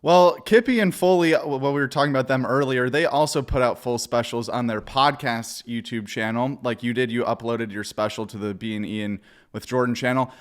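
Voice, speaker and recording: A man's voice: mid-range voice, brisk, hardly any pauses. A man hosting an interview, reading out prepared questions and laughing readily at his guest's stories. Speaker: interviewer host. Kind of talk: casual interview.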